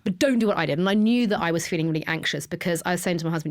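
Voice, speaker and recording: A woman's voice: lowish voice, rapid-fire, a little mellow. A woman, a podcast guest telling her own story candidly and with feeling, sometimes sinking to a whisper. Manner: emotional, drops to a whisper when reliving moments.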